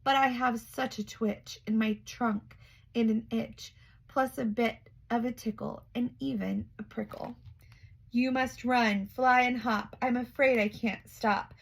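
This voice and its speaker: A woman's voice: fairly high pitch, steady tone, measured pace, gravelly. A woman doing a sorry, jumpy big elephant. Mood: apologetic. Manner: pleading, squeals when startled. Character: frightened, apologetic big male elephant.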